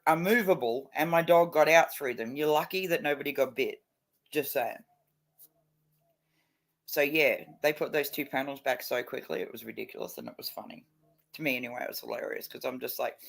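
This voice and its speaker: Foul-mouthed guy streaming, bit drunk and stoned, gravelly bright voice. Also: medium pitch. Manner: crude, profane and blunt. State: tipsy and stoned. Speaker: livestreamer. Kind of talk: casual livestream chat.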